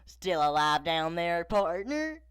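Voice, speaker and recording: An evil, grinning cowboy toy, as a man puts him on, who taunts in a slow, menacing drawl. The voice sits a little higher and punchier than a plain speaking voice. The sound is dry and close, like a storybook reading. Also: very animated, fairly bright tone, smooth, no echo, exaggerated voice. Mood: irritated.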